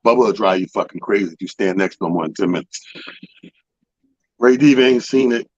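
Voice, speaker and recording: A man's voice: lowish voice, a little fast, husky, dry recording, highs cut off. A man hosting a radio talk show, telling a profane story and acting out other people's lines. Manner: animated storyteller, acts out people's quotes, profane. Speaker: comedy show organizer. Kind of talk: casual storytelling chat.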